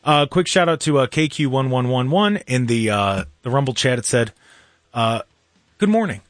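A man's voice: medium pitch, expressive, moderate pace, no echo, studio quality. A man hosting a casual talk show, chatting in a rambling way with many restarts and fillers. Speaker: show host. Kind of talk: casual live-stream show chat.

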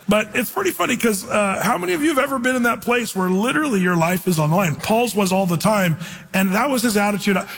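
A man preaching a sermon in a conversational, storytelling way, slowing down to read scripture aloud. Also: high voice, fairly bright tone, slightly rough, in a large hall. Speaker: pastor.

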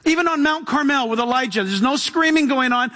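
A male pastor preaching a sermon, animated and acting out the voices of the people in his stories. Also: very high voice, a little fast, in a large hall.

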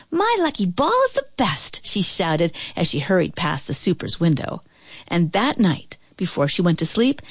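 A woman's voice: mid-range voice, no echo. A woman reading a children's storybook aloud in a rhythmic, sing-song way.

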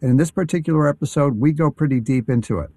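Dark-voiced man, halting radio chat. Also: on the high side, no echo. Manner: enthusiastic, halting with many fillers and restarts. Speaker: radio show guest. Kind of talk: casual radio conversation.

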